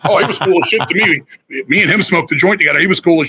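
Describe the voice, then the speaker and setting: Middle-aged guy swearing his way thru stories, kinda high voice, edgy bright tone. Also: fast talker, husky, rough recording. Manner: blunt and profane, animated storytelling. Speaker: guest musician. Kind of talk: casual storytelling interview.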